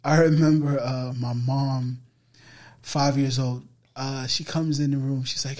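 A man hosting a casual podcast chat, asking questions in a relaxed, joking way. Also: medium pitch, measured pace. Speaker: podcast host.

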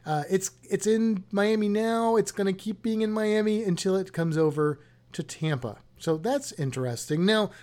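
A man's voice: high-pitched, normal speed, darkish tone. A man co-hosting a podcast, talking in a chatty, rambling, joking way. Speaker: podcast co-host. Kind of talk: casual podcast chat.

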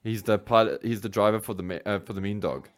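A man's voice: on the low side, quick pace, noisy background. A man co-hosting a podcast in casual chat, talking animatedly, often laughing and acting out what other people say. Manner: animated, laughing, acts out quoted fans. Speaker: podcast co-host.

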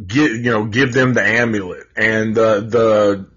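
A man's voice: fairly low pitch, steady tone, a little slow, fairly bright tone, husky, lo-fi sound. A man giving a casual live movie review, rambling and swearing freely, with lots of fillers and restarts.

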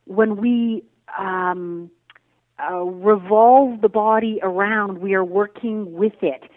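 A woman guest, a meditation teacher, speaking in a thoughtful, searching way with many pauses. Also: mid-range voice, fairly even intonation, no room sound. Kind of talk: reflective spiritual interview talk. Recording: phone-like remote call audio.

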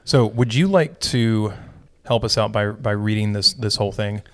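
Low-voiced man leading a casual Bible chat. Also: normal speed. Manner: relaxed, dry joking, self-correcting restarts. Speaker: podcast co-host leading a Bible study.

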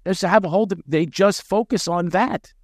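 A man talking as a podcast guest, animated and quick with sarcastic jokes. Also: sits high, no room sound, clean studio sound. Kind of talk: podcast interview conversation.

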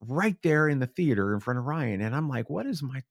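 Animated man telling a story. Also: medium pitch, fairly quick, no room sound, clean studio sound. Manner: animated, acts out quotes with shifting voices. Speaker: podcast guest; father. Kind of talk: casual storytelling.

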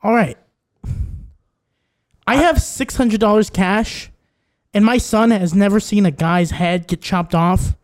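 A man's voice: sits high, takes it slowly, long pauses. A man improvising an irritated dad who bluntly makes demands of a fair manager. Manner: blunt, impatient, making demands. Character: irritated dad customer making a shady deal. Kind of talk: improvised comedy bit.

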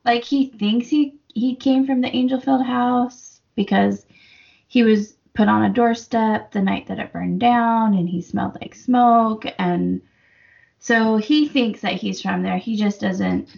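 A woman's voice: on the high side, expressive, unhurried, gravelly, a little mellow, lo-fi sound. A woman co-hosting a book podcast, chatting casually and laughing often as she talks through the story.

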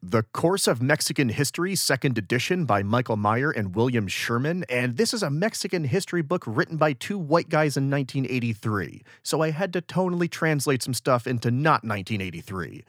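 A man's voice: medium pitch, very animated, brisk, few pauses, no echo, studio quality. A man from upstate New York hosting a history podcast, narrating from a script in a wry, self-deprecating way. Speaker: podcast host.

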